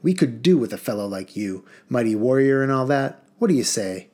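A man's voice: mid-range voice, lively intonation, a little fast, warm tone, close to an everyday voice. A man voicing a pompous, old-fashioned male general who blusters and harrumphs in an audiobook reading. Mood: blustering.

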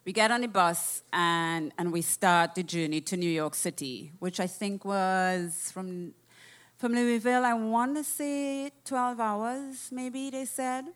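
Woman, casual storyteller, animated, swears freely, middle pitch. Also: slow pace, clean tone. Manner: animated, profane, acts out quoted voices. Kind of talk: casual anecdote telling.

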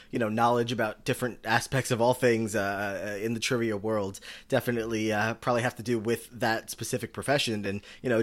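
Recapping a game show on the podcast he co-hosts, this man rambles casually, full of fillers and restarts, and trips over how to say names. He speaks on the low side with a fairly bright tone.

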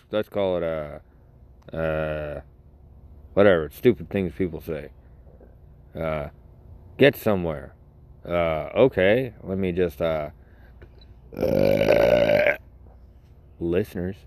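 A man's voice: deep voice, creaky. A middle-aged man hosting a solo podcast, rambling in a crude, sarcastic way and laughing at his own jokes. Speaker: podcast host.

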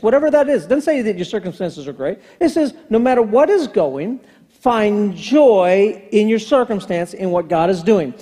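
High, mellow-voiced preaching man. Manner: animated, conversational preaching with rhetorical questions. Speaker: pastor. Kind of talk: sermon.

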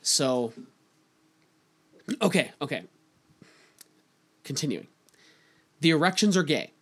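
A Canadian man co-hosts a laid-back talk podcast, reading news stories aloud and joking about them while laughing a lot. His voice sits fairly high and is very animated, though he speaks slowly.

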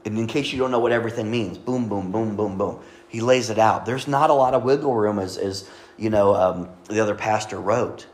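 Low-voiced man preaching a sermon. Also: fairly even intonation, brisk, darkish tone, a little hiss or hum. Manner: conversational preaching with asides and jokes to the congregation. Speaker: pastor.

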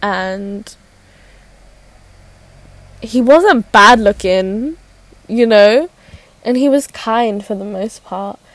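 A woman's voice: medium pitch, very slow, pauses often, dry recording. A young woman telling a personal story in casual chat, giggly and rambling with many fillers and restarts. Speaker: podcast host.

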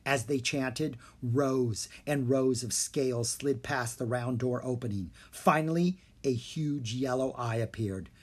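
A narrator reading a children's fantasy book aloud, clear and expressive. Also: medium pitch, measured pace, hardly any pauses. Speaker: audiobook narrator. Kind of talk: scripted storybook narration.

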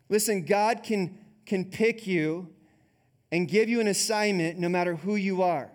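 A male pastor preaching a sermon in a conversational, animated way, often saying "like.". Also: high voice, measured pace.

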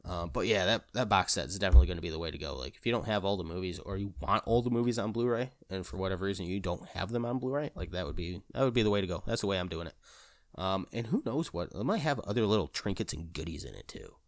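A man with a very deep voice rambles excitedly in a casual chat, piling up fillers, restarts and the odd curse word. The recording is dry and close, with no room echo. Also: fast. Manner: gushing with enthusiasm. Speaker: vlogger.

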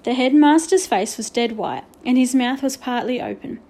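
Mellow woman reading a storybook. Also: high-pitched, lively intonation, normal speed. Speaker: narrator. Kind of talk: storybook narration.

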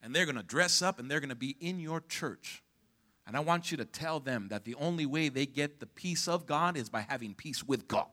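Pastor guy preaching, bright ringing voice, gets the crowd answering back, shouts at the big moments. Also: on the high side, expressive, normal speed. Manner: preaching with call-and-response to the congregation; rises to shouting at peaks. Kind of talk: sermon. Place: church sanctuary.

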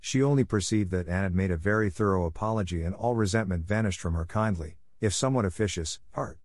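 A man narrating a classic novel as an audiobook, reading in a steady, even way. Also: deep voice, fast, hardly any pauses, dry recording, clean studio sound. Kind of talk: scripted narration.

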